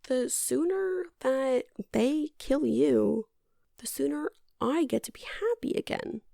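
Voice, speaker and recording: Woman voicing a frightened young maid, higher voice, eager, slightly rough. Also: lively intonation, slow pace, mellow, no echo, clean studio sound, exaggerated voice. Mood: urgent.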